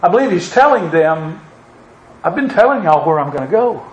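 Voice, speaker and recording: A man's voice: high-pitched, very animated, moderate pace, reverberant, dull audio. A man preaching a sermon, quoting scripture with an emphatic, rising cadence.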